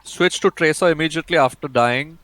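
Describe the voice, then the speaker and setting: A man's voice: a little high, brisk, fairly bright tone, no echo. A man with an Indian accent co-casting a live esports match, playful and correcting himself as he calls plays on a headset. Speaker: esports co-caster.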